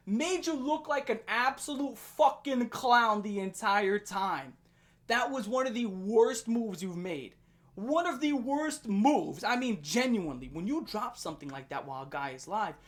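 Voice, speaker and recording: A young adult woman hosting a ranting commentary video, animated and profane, often laughing. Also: on the high side, a little slow. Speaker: commentary channel host.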